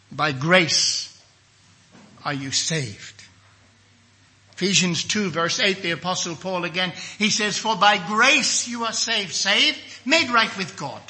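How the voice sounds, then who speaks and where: A man's voice: high voice, bright, forceful tone. An older man from England preaching a sermon emphatically, acting out the voices he quotes.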